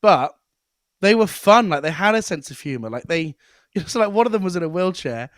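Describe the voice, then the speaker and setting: A man chats on a podcast, spinning anecdotes with animated energy and laughter at the punchlines. His voice sits somewhat high. The sound is dry and close. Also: brisk, no echo. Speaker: comedian and podcast guest. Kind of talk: casual podcast chat.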